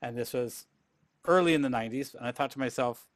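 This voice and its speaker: A man's voice: medium pitch, brisk. A middle-aged man speaks on a live panel and recounts his career in an easygoing, chatty way. He often restarts his sentences, and his voice sits in a plain middle register. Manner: animated storyteller, frequent restarts. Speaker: panel guest, performer. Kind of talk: casual storytelling on a panel.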